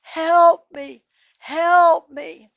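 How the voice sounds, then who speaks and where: A woman's voice: on the high side, takes it slowly, bright, forceful tone, dry recording, highs cut off, exaggerated voice. A desperate, dying traveler, voiced by a woman storyteller, pleads for rescue in a raised, strained voice. The sound is close and dry, with no room around it. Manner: pleading, crying out for help.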